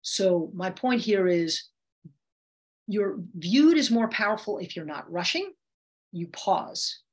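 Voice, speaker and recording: A woman's voice: mid-range voice, animated, slow pace, a little mellow. A woman communication coach teaching a webinar, who often changes her voice to demonstrate her points.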